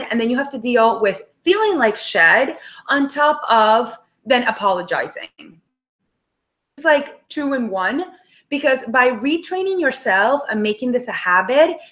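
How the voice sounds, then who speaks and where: A woman's voice: on the high side, big pitch swings, moderate pace, fairly bright tone. A young adult woman, a career coach, teaching a webinar in a casual, direct way and acting out inner thoughts.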